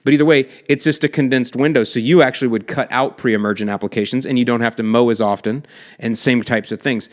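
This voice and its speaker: A man's voice: medium pitch, fast. A man hosting a lawn care podcast, explaining soil temperatures in a chatty, enthusiastic way with slangy asides. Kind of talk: casual explanatory podcast talk. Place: lives in South Florida.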